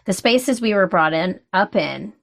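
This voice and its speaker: Animated woman telling a story. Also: medium pitch, a little slow, creaky. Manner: animated storyteller, many restarts. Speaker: podcast guest. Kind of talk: casual chat.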